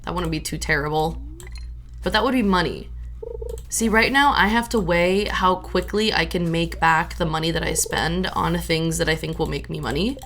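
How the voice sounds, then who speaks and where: A woman's voice: on the low side, moderate pace, fairly bright tone, slight background noise. A young adult woman streaming a farming game, chatting casually in a rambling way with lots of fillers.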